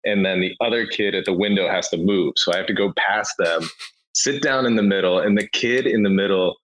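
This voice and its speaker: A man chatting casually on a podcast, telling an animated story with frequent swearing and laughter. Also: low-pitched, brisk, poor audio.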